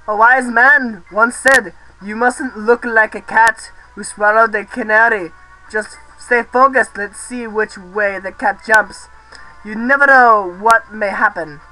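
Game dub: young man doing a steady Scottish mentor, unhurried and bright-toned. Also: high-pitched, soft background music, full character voice, poor audio. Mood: sage. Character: calm wise male trainer, Scottish.

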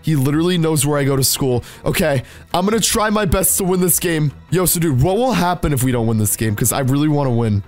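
A high-pitched young man in his late teens narrates a video game in a jittery, excitable way, talking right to his audience. Soft music plays underneath. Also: fast talker. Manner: anxious, excitable, addresses viewers directly. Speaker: gaming YouTuber. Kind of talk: scripted gameplay commentary.

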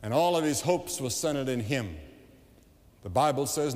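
A man evangelist delivering a revival sermon to a large crowd, emphatic and building to loud appeals, recorded live in an arena. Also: mid-range voice, animated, moderate pace. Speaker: evangelist preacher. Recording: long hall reverb, live event.

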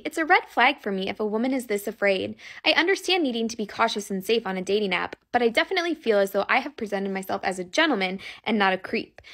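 A woman's voice: fairly high pitch, fairly bright tone. A woman voicing a stiff, self-righteous man by reading his text in a mocking tone.

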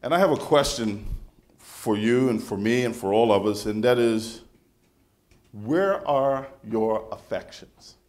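A male pastor preaching a sermon in a conversational, animated storytelling manner, often restarting his phrases. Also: lowish voice, normal speed.

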